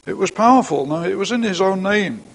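A man's voice: high-pitched, expressive, fairly quick, slightly rough, rough recording. An older man preaching a sermon in a church, talking plainly to the congregation with frequent asides.

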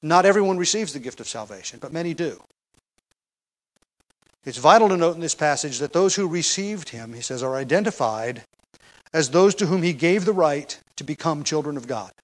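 A middle-aged man preaches through a Bible passage in a conversational teaching voice that sits a little high for a man. He presses hard on key phrases, then eases back into plain explanation with the odd filler and restart. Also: lively intonation, normal speed, rough recording. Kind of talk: expository sermon.

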